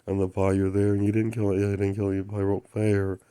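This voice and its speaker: This channel host speaks briskly in a lowish, clean voice with a completely flat delivery. He rambles through a spiritual story in broken grammar, chanting the same affirmations, and sometimes drops to soft, voiceless murmurs.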